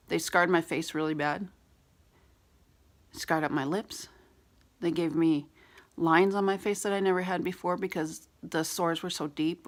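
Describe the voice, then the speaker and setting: A woman beauty vlogger with a raspy voice, candidly telling a personal story in a rambling vlog with many fillers. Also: on the low side.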